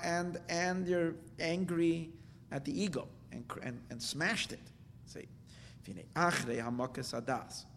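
A man teaching a Hasidic text class, emphatic, with sudden high bursts and soft asides. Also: vocal fry. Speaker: Torah teacher. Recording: echoey hall with faint rumble.

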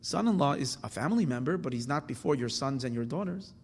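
A man's voice: mid-range voice, lively intonation, fast talker, darkish tone, slightly rough, big-room sound. A man giving a Torah class, explaining verses and asking and answering his own questions, with Hebrew terms mixed into his English. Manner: mixes Hebrew terms into English, with restarts and fillers. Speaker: Torah teacher.

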